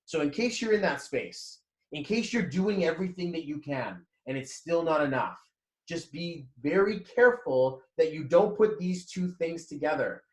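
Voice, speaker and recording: A man's voice: fairly high pitch, animated, moderate pace, echoey room. A man in his thirties giving a candid motivational talk about his past, swearing freely and acting out old conversations while walking. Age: 30s. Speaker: motivational vlogger. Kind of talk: personal motivational monologue.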